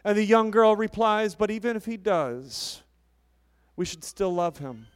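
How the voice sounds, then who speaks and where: A high-pitched, smooth-voiced man preaches a sermon with deliberate, unhurried delivery. His voice rises to loud declarations and drops to hushed storytelling. It rings out in a large hall with a long reverb. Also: animated. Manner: impassioned preaching with dramatic swings in volume. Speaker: pastor.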